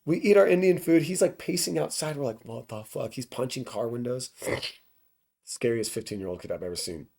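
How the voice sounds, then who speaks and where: A man's voice: medium pitch, normal speed, vocal fry, darkish tone, breathy edge. A man guesting on a podcast, telling a tour story in a loose, profane, rambling way full of "like" fillers. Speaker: podcast guest, touring band musician. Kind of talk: casual storytelling.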